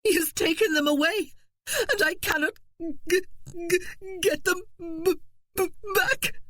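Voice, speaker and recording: A woman's voice: extremely high pitch, steady tone, slow pace, a bit bright, pitched above the performer's own voice, exaggerated voice. A narrator voicing a terrified young noblewoman who stammers and wails in panic. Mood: panicked. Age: young adult.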